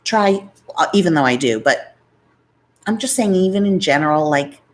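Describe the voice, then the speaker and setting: Low-voiced chatty New woman. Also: expressive, moderate pace, rough recording. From New York. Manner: rambling, chatty, jumps between topics. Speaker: YouTuber hosting a live chat. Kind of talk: casual live-stream chat.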